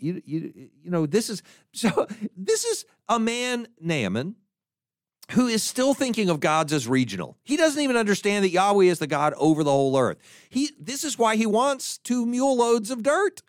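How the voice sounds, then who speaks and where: A man's voice: sits high, very animated, moderate pace, no echo, studio quality. A man teaching a Bible lesson, thinking aloud and often repeating words as he searches for the next one. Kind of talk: teaching talk to listeners.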